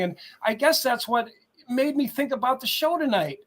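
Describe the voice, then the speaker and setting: A man's voice: very high voice, animated, normal speed, fairly bright tone. A man speaking as a guest on a call-in talk show, telling a personal story in an earnest, heartfelt way and repeating words as he searches for them. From United States.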